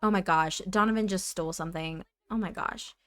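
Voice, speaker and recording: A woman's voice: lowish voice, a little fast, a bit bright. A woman hosting a let's play, narrating her game in a chatty way with dramatic exclamations. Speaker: gaming channel host.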